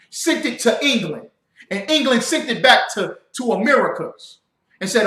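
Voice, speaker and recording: A man preaching a livestreamed sermon as a religious teacher, emphatic, building to shouts and calling out to his audience. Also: extremely high pitch, expressive, normal speed. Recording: roomy echo.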